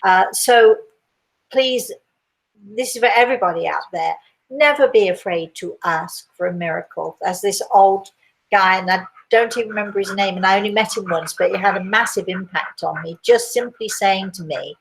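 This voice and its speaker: An older woman speaking as a spiritual medium, answering listener questions in a gentle, rambling chat full of fillers and restarts. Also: medium pitch, normal speed, gravelly, a little hiss or hum, poor audio. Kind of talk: casual live chat.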